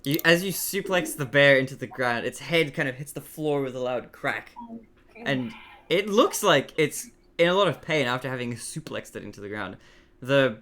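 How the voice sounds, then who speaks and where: A woman running a tabletop game as game master, talking casually with halting restarts. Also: a bass voice. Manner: animated, halting restarts, laughs often.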